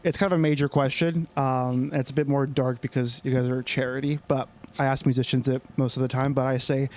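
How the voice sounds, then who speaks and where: A man's voice: mid-range voice, a little mellow. A man hosting a podcast interview in an easygoing, encouraging way, using 'um' and 'like'. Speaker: podcast host.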